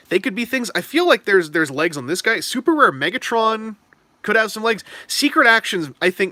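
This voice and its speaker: A man's voice: a little high, sharp tone, dry recording. A man hosting a casual live stream, chatting in a rambling way while answering viewer questions. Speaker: stream host. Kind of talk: casual live-stream chat about toys and trading cards.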